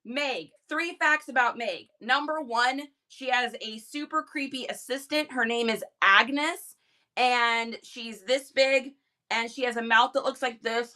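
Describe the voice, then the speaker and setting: A woman hosting a live stream in casual chat, energetic and chatty with quick laughs. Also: fairly high pitch.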